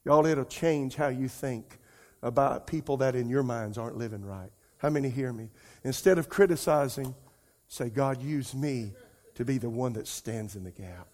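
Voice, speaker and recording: A pastor delivers a sermon in a loose, conversational way, calling out to the congregation. His voice climbs into emotional, pleading cries and then sinks to a soft hush. He repeats words often as he tells stories. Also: medium pitch, normal speed. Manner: emotional storytelling, rising to near-crying pleas.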